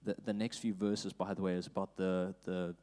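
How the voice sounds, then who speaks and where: Animated South African male preacher. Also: low-pitched, moderate pace. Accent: South African English. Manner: animated preaching, rising loud for emphasis, reads scripture aloud. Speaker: pastor. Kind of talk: sermon. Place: church auditorium.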